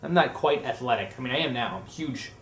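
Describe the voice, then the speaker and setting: A man's voice: medium pitch, animated, brisk, a bit bright, a little hiss or hum. A young man vlogging, telling comedic stories in a rambling way and acting out the other people's voices. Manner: jokey, rambling, acts out voices in his stories. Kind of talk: comedic storytelling vlog. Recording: echoey room.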